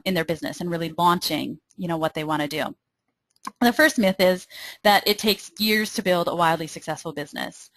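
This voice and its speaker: A woman's voice: lowish voice, a bit bright, no room sound. Upbeat woman presenting a webinar. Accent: Minnesotan. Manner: upbeat, persuasive, addresses listeners directly.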